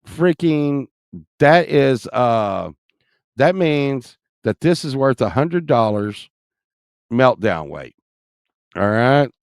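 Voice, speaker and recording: A man chatting to his camera in a loose, rambling way, cussing casually as he hops between subjects. His voice is smooth and clear, and he talks slowly and unhurriedly. The recording is dry and close, with no room sound around him. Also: medium pitch, big pitch swings, dry recording. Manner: rambling, profane, jumps between topics. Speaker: vlogger. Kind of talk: rambling casual vlog chat.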